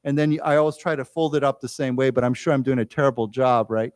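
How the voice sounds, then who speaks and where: A man teaching an English vocabulary lesson in a library lecture room. He explains each word slowly and leads the class in repeating it. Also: medium pitch, little pitch movement, a little mellow, no echo, clean studio sound.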